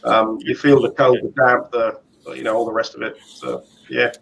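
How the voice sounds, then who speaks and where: A man's voice: medium pitch, flat delivery, moderate pace, creaky, a bit bright, poor audio. A man who serves as a tank commander, chatting casually and with self-deprecating humour as he rides. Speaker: tank commander and motorcycle vlogger. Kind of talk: casual chat while riding.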